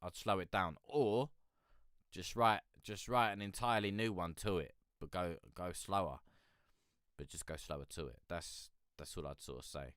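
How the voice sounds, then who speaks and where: A man's voice: sits low, normal speed, a bit bright, clean tone, dry recording, studio quality. Rambling, sleepy male music-review host. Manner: rambling, hesitant, swears casually. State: sleepy, yawning. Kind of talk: casual livestream commentary.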